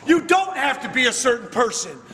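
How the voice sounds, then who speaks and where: A motivational speaker addresses a room of schoolchildren, preachy and emphatic, mixing in streetwise slang and firing questions at the crowd. His voice is extremely high, sing-song, sharp, and fairly quick, recorded from far off in an echoey hall.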